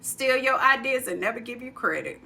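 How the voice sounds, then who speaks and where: Woman podcast co-host; high, bright, slow emphatic storyteller. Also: lively intonation, slight background noise. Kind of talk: casual livestream chat.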